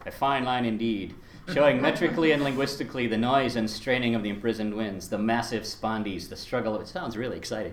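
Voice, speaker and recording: A man teaching a class on Latin verse, lively and chuckling, slowing down to recite lines beat by beat. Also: medium pitch, roomy sound, crowd noise. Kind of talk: lecture with recitation.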